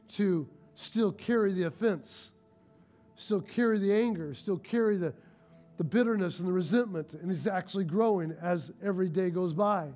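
A male pastor preaching a sermon, telling stories with animated, rising excitement. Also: sits high.

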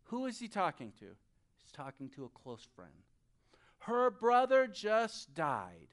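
A pastor preaching a sermon who speaks straight to the congregation and swings between loud, urgent stretches and soft, quiet ones. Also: mid-range voice, wildly swooping pitch, a little slow. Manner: addresses the audience directly.

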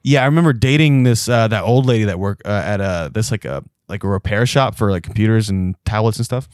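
A man co-hosting a podcast, chatting casually and throwing in quick jokes. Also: on the low side, a little mellow, no room sound, clean studio sound. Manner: joking, quick interjections. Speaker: podcast co-host.

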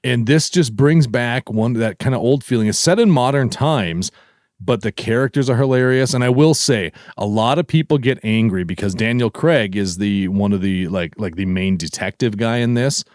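A man co-hosts a podcast, chatting casually and with enthusiasm while rambling and using lots of fillers. His voice is medium-pitched and slightly mellow, at a normal speed. The recording is dry and studio quality.

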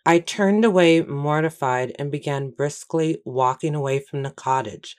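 Low-voiced woman narrating an audiobook. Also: a little slow, hardly any pauses, a little mellow, smooth. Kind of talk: first-person audiobook narration.

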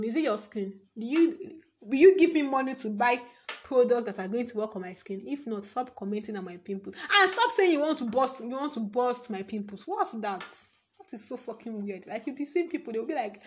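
A woman's voice: on the high side, animated, normal speed. A young woman from Nigeria with a Nigerian English accent, rambling in a casual vlog monologue, jumping between thoughts, laughing and swearing often. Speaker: vlogger.

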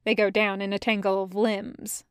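A woman reading fan fiction aloud as a podfic narrator, in a measured storytelling manner. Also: mid-range voice, level tone, clear, resonant tone, dry recording, studio quality. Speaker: podfic reader.

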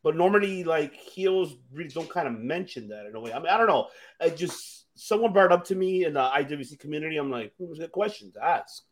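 A male host with a lively, swooping voice pitched a touch high. He asks long rambling questions, restarting often in casual chat. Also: quick pace, hardly any pauses. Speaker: podcast host.

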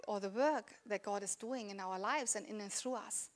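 A woman's voice: fairly high pitch, brisk, hardly any pauses. A woman in her thirties preaching a sermon in a conversational, earnest way, asking the congregation rhetorical questions. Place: church.

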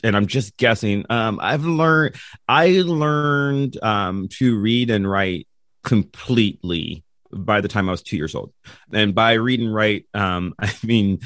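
A man's voice: on the low side, fairly bright tone, no room sound, studio quality. A middle-aged man, a podcast guest, telling a childhood story in a rambling way, with lots of ums, restarts and laughs. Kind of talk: casual storytelling.

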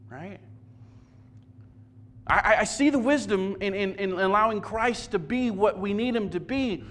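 A man's voice: high voice, unhurried, fairly bright tone. A man preaching a sermon as pastor, conversational and self-deprecating, often stumbling and repeating words.

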